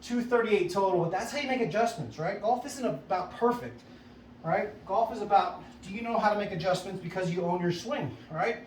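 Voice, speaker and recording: A man's voice: sits high, brisk, roomy sound, distant mic, a little hiss or hum, low-quality recording. A man, a golf instructor, coaching casually and upbeat at a driving range, often checking in with "right?". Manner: upbeat, chatty, self-coaching with frequent "right?".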